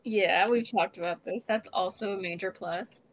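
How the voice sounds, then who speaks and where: A young woman co-hosting a podcast in casual chat, excitable and emphatic. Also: medium pitch, moderate pace, no echo, low-quality recording. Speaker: podcast co-host.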